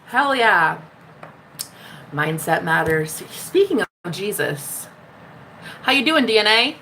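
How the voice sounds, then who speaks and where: Reading out chat messages on her relaxed spiritual livestream, this American host is bubbly and teasing, cursing freely and laughing a lot. She speaks slowly in a sing-song, medium-pitched voice that's bright and forceful. A bit of background noise can be heard.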